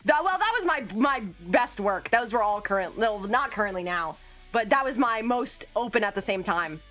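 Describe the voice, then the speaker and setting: A giggly, talkative woman chats casually on her livestream. Her voice sits high and swoops around a lot. Soft music plays faintly behind her. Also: lively intonation, moderate pace. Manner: chatty, giggly, self-described yapper. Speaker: streamer. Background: faint background music.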